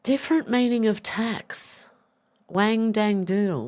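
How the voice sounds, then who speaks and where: A woman's voice: mid-range voice, animated, normal speed. Chatty woman in her fifties. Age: 50s. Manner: chatty, swearing, laughing and confused over a joke. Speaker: livestream host reading chat. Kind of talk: casual live chat.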